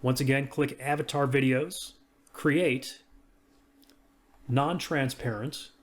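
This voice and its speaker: Brief: everyday male reviewer, mid-pitched, easygoing screen-demo narration. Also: fairly even intonation, slow. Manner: casual, talks through each click. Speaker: software reviewer. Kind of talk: screen-recorded software walkthrough.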